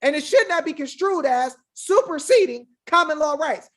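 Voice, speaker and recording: A woman's voice: high voice, animated, moderate pace, few pauses. A woman giving an impassioned monologue to her viewers, preachy and fiery, firing off rhetorical questions and calling them y'all. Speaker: online legal rights commentator.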